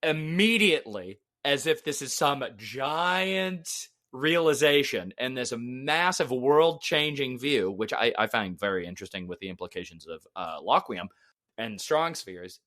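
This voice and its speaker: A man's voice: mid-range voice, lively intonation, a little slow, bright, forceful tone. A man co-hosting a podcast in casual chat, rambling and correcting himself with a wry edge. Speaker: podcast co-host.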